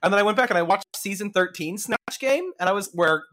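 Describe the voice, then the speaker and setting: A man's voice: high-pitched, expressive, fairly quick, a bit bright, slight background noise. A man hosting a podcast, chatting casually, blunt and given to casual swearing. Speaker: podcast host. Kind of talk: casual chat.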